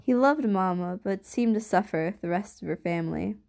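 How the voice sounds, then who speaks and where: A woman narrating a novel aloud in a steady, measured reading voice. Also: mid-range voice, vocal fry. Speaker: audiobook narrator. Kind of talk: scripted narration.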